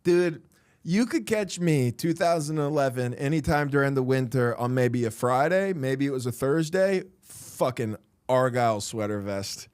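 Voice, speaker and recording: A man's voice: mid-range voice, expressive, moderate pace, a little mellow, clean tone. A man co-hosting a comedy podcast, joking casually and swearing a lot while he acts out little scenes. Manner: joking, profane, acts out characters. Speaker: podcast co-host.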